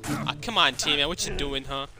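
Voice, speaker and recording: Young man, trash-talking gameplay commentary, slightly high voice, loud game music underneath. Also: brisk. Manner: trash-talking, swearing, laughing at opponents. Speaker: gaming YouTuber.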